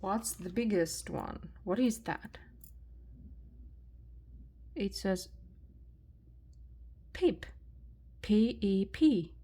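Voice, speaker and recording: Soft-spoken woman with a Russian accent. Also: medium pitch. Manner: soft-spoken, slow, marveling at finds. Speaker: jewelry reseller vlogger. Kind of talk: soft-spoken unboxing vlog.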